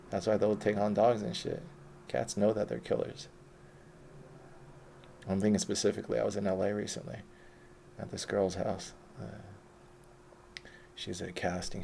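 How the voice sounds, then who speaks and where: A man's voice: deep voice, gravelly, mellow, slight background noise. A man telling his life story in a rambling, profane, casual monologue.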